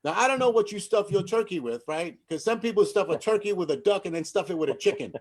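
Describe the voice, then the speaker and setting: A man's voice: high-pitched, expressive, quick pace. A man hosting an open mic comedy show over a video call, doing a chatty stand-up bit, laughing and asking the crowd "right?".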